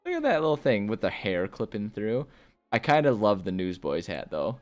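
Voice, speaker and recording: A man's voice: low voice, sing-song, fairly quick, faint music behind. A man casually chatting and reading game text aloud while playing a video game, rambling with lots of fillers. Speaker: gaming YouTuber. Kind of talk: casual let's-play commentary.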